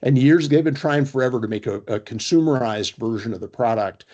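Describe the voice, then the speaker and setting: A man leading an online workshop over a video call. He tells stories at a quick clip, often breaking in with fillers and restarts. His voice sits in an ordinary middle pitch. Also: a little mellow, dull audio. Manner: brisk, storytelling, with fillers. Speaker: presenter.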